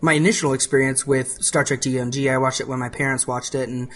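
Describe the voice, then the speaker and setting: A man's voice: mid-range voice, flat delivery, fast talker, fairly bright tone. Guy on a podcast just chatting, rambles, restarts his sentences a lot. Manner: rambling, restarts phrases often. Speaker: podcast co-host. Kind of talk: casual chat.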